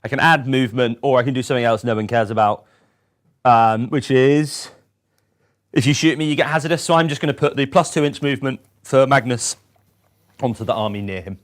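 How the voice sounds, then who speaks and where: Easygoing male player, middle pitch, dry humor. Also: fairly quick. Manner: relaxed, dry quips. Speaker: tabletop game player. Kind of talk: casual chat explaining game rules.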